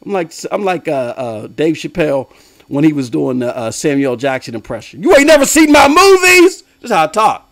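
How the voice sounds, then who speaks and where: A young man, a game streamer and podcast host, runs a gaming live stream where he rants loudly and laughs often. He swings between shouting and mumbling low.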